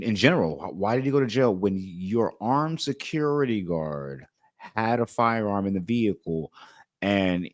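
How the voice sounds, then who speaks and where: A man's voice: lowish voice, no echo, clean studio sound. A man hosting a livestream interview, earnest and talking to both his guest and his chat. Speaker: host.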